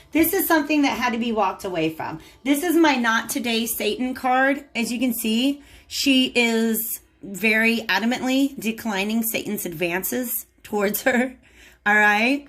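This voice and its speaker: A woman's voice: on the high side, expressive, a little slow, a bit bright, faint music behind. A woman giving a casual tarot reading, chatting to viewers and talking to the cards as she goes. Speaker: tarot reader.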